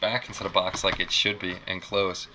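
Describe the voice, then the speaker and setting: A man's voice: sits low, level tone, normal speed, bright, forceful tone, poor audio. A man hosting a casual live unboxing stream from a small apartment, rambling, repeating himself and reacting to chat. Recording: clear background noise.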